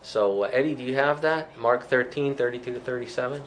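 A man's voice: mid-range voice, fairly quick. Male Bible study teacher, conversational, thinking aloud, faint background hiss. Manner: thoughtful, with many fillers and restarts.

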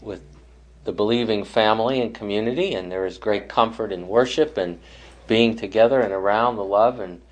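Bible study teacher thinking aloud. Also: male voice, lowish voice, lo-fi sound. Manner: thoughtful, with frequent restarts and pauses. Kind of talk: leading a Bible study class.

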